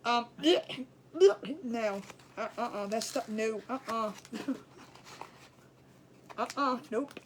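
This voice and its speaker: Chatty woman with a high voice. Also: very slow, long pauses, slight background noise. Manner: chatty, rambling, animated when retelling, colloquial. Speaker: craft livestream host. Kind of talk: casual storytelling chat.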